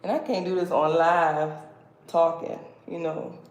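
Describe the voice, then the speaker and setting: A woman's voice: low voice, steady tone, a little slow. A woman from the States hosting a casual livestream, chatty and playful, laughing as she talks. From United States. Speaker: livestream host. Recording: roomy echo, background noise.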